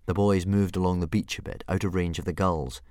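A man reading a children's storybook aloud in an expressive, playful way. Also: sits low, fairly quick, no room sound, clean studio sound. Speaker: audiobook reader. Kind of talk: storybook narration.

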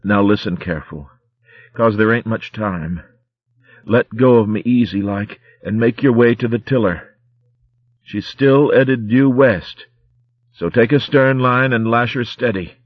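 A man voicing a badly wounded female ferret corsair who talks rough sailor slang, in a storybook reading. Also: lowish voice, a little slow, dry recording, muffled recording, voice pushed up. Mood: weak. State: weak and wounded.

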